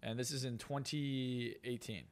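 A man's voice: medium pitch, steady tone. A man, a hypnotist and success coach, telling boastful stories as a podcast guest. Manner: fast, boastful storytelling. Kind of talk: casual podcast interview.

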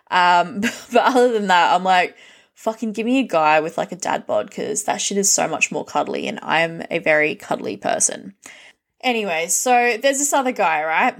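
An Australian woman hosting a podcast, telling dating stories in a blunt, casual monologue full of swearing and acted-out quotes. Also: fairly low pitch. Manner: blunt, heavy swearing, lively retelling with quoted dialogue. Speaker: podcast host.

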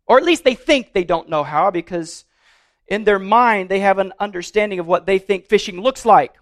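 Preaching to his flock, this married grown man speaks in a noticeably high register and keeps a steady, moderate tempo. He's sincere but relaxed in delivery, tripping on and repeating words while working in bits of lighthearted joking.

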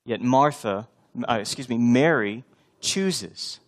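A man's voice: medium pitch, animated, takes it slowly. A male pastor in his thirties preaching a sermon, conversational and often building to emphatic repetition.

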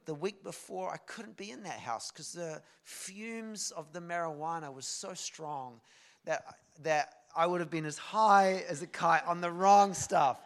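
A man, a guest preacher telling a story in a sermon, animated and swinging from soft to loud. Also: on the high side, creaky.

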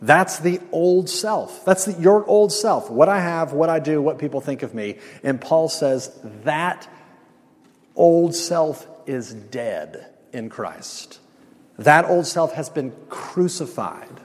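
A male pastor delivers a sermon in a slightly higher than usual voice, hammering home key phrases through repetition with a touch of humor. His voice rings out with a long reverb tail, as if in a big hall. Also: animated, slow. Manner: emphatic, repeats key phrases, light humor.

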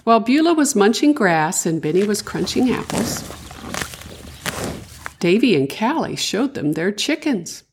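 Narrating a children's tale, a grandmother speaks in a fairly low, breathy voice, soft and sing-song.

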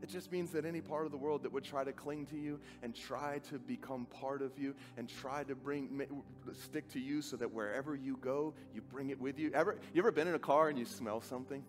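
A man preaching a sermon with an earnest, dramatic delivery, acting out quoted dialogue and dropping to a soft, quiet voice. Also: mid-range voice, fairly quick, few pauses. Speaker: pastor. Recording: faint music behind.

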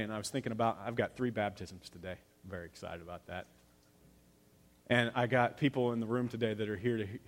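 Pastor type, man, slightly high voice, dramatic storyteller, big hall echo. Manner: animated storytelling, acting out characters' lines. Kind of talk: sermon.

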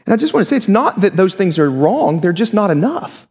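A man preaching with a high, swooping voice that climbs and drops all over the place. He keeps it conversational and slips in joking asides. A long reverb trails every phrase, as if he is speaking in a big church hall. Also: brisk. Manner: animated and conversational, with humorous asides. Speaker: pastor. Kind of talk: sermon.

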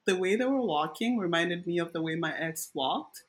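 A woman's voice: on the low side, expressive, moderate pace, very noisy. A young woman co-hosting a podcast in casual chat, chatty and giggly as she tells stories. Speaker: podcast co-host.

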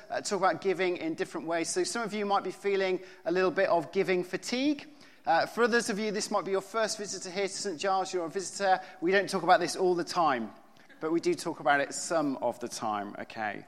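A vicar preaches in a casual, chatty way, with plenty of ums and uhs between his points. His voice sits a little high for a man and carries a long reverb from the church around him. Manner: chatty, informal preaching with many fillers. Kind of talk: sermon.

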